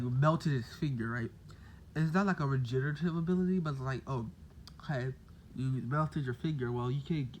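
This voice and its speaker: A man's voice: fairly high pitch, darkish tone, a little hiss or hum. A man casually telling a made-up fan story, rambling with lots of "like" and "basically".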